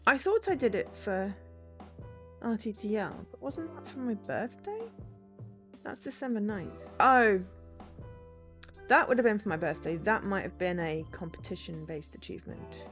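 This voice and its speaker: Expressive woman streamer reading a game. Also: medium pitch, moderate pace, faint music behind. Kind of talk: reading a story game aloud and chatting.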